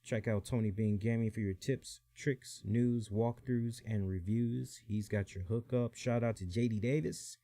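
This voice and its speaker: A man's voice: fairly low pitch, steady tone, measured pace, few pauses, mellow, no echo. A man hosting a wrestling podcast, talking loosely in a casual chat and repeating his phrases. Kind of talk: casual chat and reading a quote aloud.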